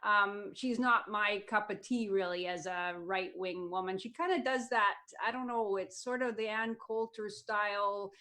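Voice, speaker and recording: A woman's voice: mid-range voice, a little slow, few pauses, bright, forceful tone. A woman co-hosting a podcast in casual discussion, chatty and often laughing as she talks. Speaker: podcast co-host.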